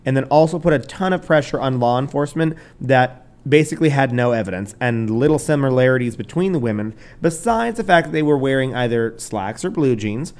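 A man's voice: medium pitch, lively intonation, a little fast, hardly any pauses, a little mellow. A male podcast host with a mid-range voice, reading through a crime story in casual chat. He swears freely and laughs often. He stumbles over names as he goes.

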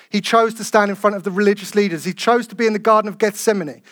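A man preaches to his church with a fairly high voice. He swings between loud, ringing calls and soft, tender passages. The sound is close and dry, with little room echo. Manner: passionate, builds to loud calls then drops soft. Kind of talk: sermon.

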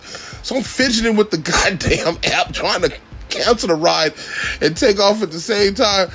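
A man telling a long story in a casual, laid-back way, full of swearing and laughter, his voice jumping up whenever he gets excited. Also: normal speed, gravelly, husky. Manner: profane, laid-back, laughs often, pitch jumps when excited. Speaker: podcast host telling a driving story.

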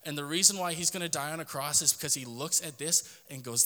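A man's voice: fairly high pitch, fast, sharp tone, long reverb tail. A man hosting a podcast, giving an earnest devotional talk that speaks straight to the listener. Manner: earnest, direct address to listener. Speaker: podcast host.

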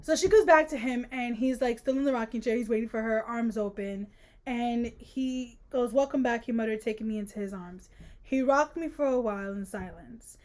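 High-voiced sarcastic young woman. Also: moderate pace. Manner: sarcastic, animated, frequent laughter. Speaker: podcast co-host. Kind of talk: casual book-discussion podcast.

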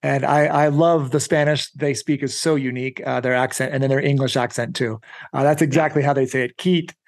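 A man with a fairly high voice hosts a casual podcast interview. He asks curious questions and reacts eagerly to his guest's stories. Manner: curious, reacts with frequent exclamations. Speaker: podcast host.

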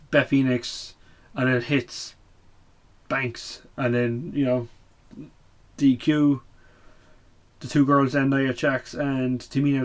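A man hosting a casual show recap, blunt and opinionated, swearing often and full of fillers. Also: mid-range voice. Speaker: wrestling podcast host.

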